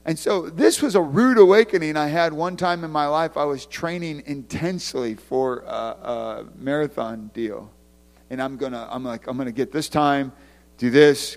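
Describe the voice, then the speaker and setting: A man's voice: mid-range voice, darkish tone. A man who works as an evangelist, giving a casual, conversational sermon full of stories and restarts. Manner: conversational storytelling, many restarts. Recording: long hall reverb.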